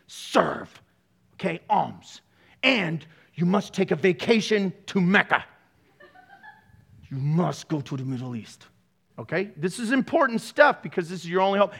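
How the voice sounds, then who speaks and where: A man's voice: sits high, very animated, moderate pace, creaky, pushed and bright, slightly rough. A man preaching a sermon as pastor at a church service, joking through it with sarcastic, playful asides.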